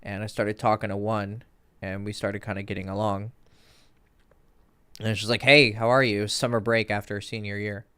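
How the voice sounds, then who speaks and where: A man's voice: fairly low pitch, little pitch movement, normal speed, fairly bright tone, clear, resonant tone. A man in his thirties, a dating coach, telling stories in a casual, rambling livestream Q&A with many fillers and restarts.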